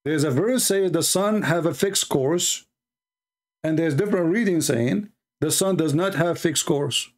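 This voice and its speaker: A man's voice: a little high, a little slow. A man giving mocking, polemical commentary as a religious debater, sarcastic and taunting.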